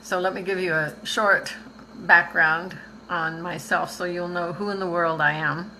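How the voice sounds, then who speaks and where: A woman's voice: lowish voice, steady tone, a little slow, pushed and bright, a little hiss or hum, rough recording. An older woman from Canada, a visual artist chatting casually and rambling on a live stream, laughing easily.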